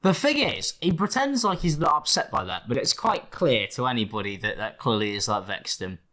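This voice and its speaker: A man's voice: mid-range voice, sing-song, fairly quick, bright, forceful tone. A man hosting a reaction video, talking in a sarcastic, theatrical, mock-whiny way. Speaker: host. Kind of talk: reaction commentary.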